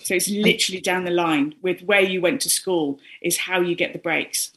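A woman's voice: on the low side, steady tone, moderate pace, fairly bright tone. A woman from northern England, her northern accent mostly lost, chatting as a guest on a talk show with frequent ums and restarts. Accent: softened northern English, mostly lost. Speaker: guest speaker. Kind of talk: casual chat on a talk show.

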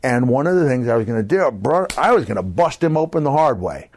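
A middle-aged man telling stories with real animation, his voice sitting at an ordinary middle pitch. He talks like a podcast guest among friends and keeps calling the host brother. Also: fast talker. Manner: lively anecdotes, calls the host brother. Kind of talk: animated storytelling.

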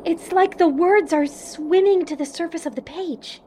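An actress playing a calm, curious young woman who soothes her friend in a gentle, reassuring, often hushed voice, in an audio drama. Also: very high-pitched, normal speed, slight background noise. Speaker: voice actor.

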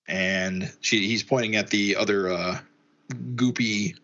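A man's voice: fairly low pitch, fairly even intonation, pushed and bright, muffled recording. A man co-hosting a casual chat, reading comic dialogue aloud and commenting on it. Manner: reads character lines in a slightly raised, halting voice.

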